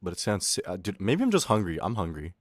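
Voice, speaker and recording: A young man streaming, chatting with his chat in a loud, swearing, laughing, animated rant. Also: low-pitched, fast talker, no echo, studio quality. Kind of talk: casual stream chat reading chat.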